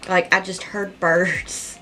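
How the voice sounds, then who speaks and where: Soft music plays behind a makeup vlogger whose low, level voice moves slowly. Her tutorial is casual and heartfelt, wandering from point to point, peppered with "like" and gentle laughs.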